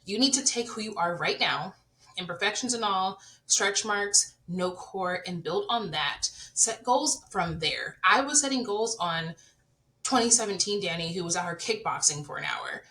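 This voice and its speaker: A woman's voice: mid-range voice, big pitch swings, moderate pace, sharp tone, low-quality recording. A woman in her thirties hosting a podcast, talking earnestly and candidly to her listeners about her own life. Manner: earnest, confessional, addresses listeners directly. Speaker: podcast host. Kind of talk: candid personal chat.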